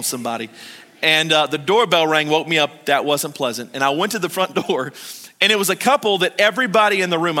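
A middle-aged man preaches in a church sanctuary, his voice bright and a little high. He swings between loud urgent calls and hushed pleading, speaking straight to the listeners. A long reverb trails off the hall. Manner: storytelling, addresses the congregation directly. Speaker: pastor. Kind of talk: sermon.

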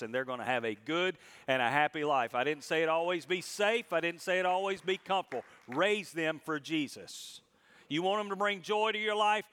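Pastor preaching with rising emphasis. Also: male voice, mid-range voice. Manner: expressive preaching, rising loud for emphasis and slowing on key phrases. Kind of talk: sermon.

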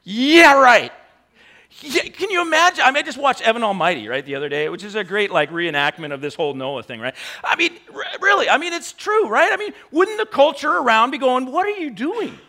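High-voiced animated male preacher. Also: fairly quick. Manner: animated, mocking rhetorical questions, laughs often. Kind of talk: sermon.

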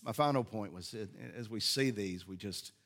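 Male preacher, low voice, conversational sermon, halting restarts. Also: fairly bright tone. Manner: conversational, storytelling with hesitations. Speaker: pastor.

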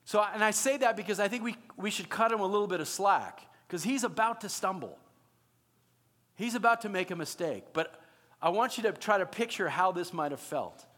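A man preaching a sermon in a conversational, animated way, asking his listeners questions. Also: high voice, moderate pace. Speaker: pastor.

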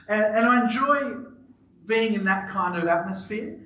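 A man's voice: high voice, brisk, reverberant, far from the mic, a little hiss or hum, rough recording. A man preaching a sermon to a live congregation, telling stories with playful asides. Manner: animated storytelling with playful asides. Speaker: pastor. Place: church auditorium with live congregation.

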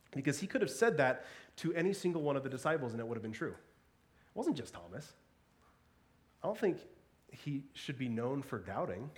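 A man giving a sermon in a conversational, animated way, with playful asides and frequent repeated words. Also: medium pitch. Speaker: pastor.

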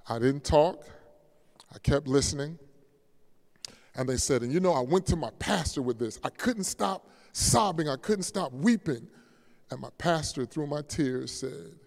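Pastor guy preaching, bit high voice, big church reverb, goes loud then quiet when telling a story. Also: unhurried, gravelly. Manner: preaching with rising force, then dropping to a hushed storytelling tone. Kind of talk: sermon.

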